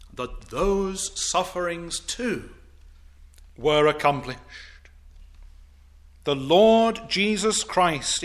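A man delivering a sermon at a slow, deliberate pace, leaning hard on key words. His voice sits a little high for a man. On solemn points it sinks low and quiet. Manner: measured, emphatic delivery with slow stressed phrases. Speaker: preacher.

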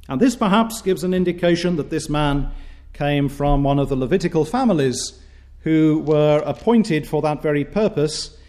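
A man preaching a sermon, reading scripture aloud and speaking in a measured, formal manner with frequent hesitations. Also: on the high side, a little mellow.

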